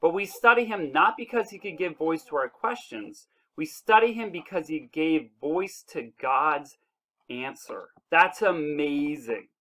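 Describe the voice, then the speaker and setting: A young man leading an online church devotional, talking in a casual, earnest way and slowing down to stress his points. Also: fairly high pitch, animated, bright, forceful tone, poor audio. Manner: earnest, conversational, with restarts and slow emphasis. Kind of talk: casual online Bible lesson.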